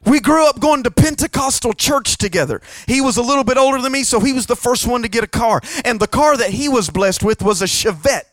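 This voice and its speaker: A man's voice: extremely high pitch, a bit bright, no room sound. A middle-aged man, preaching a sermon with humorous stories and calls to the congregation for a response.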